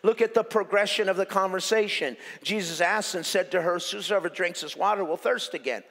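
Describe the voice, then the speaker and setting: Speaking fairly quickly, a male pastor gives an animated sermon full of jokes and repeated, hammered phrases. The pitch runs high for a man and has a raspy, gravelly edge, while the echoey church hall adds a long reverb tail.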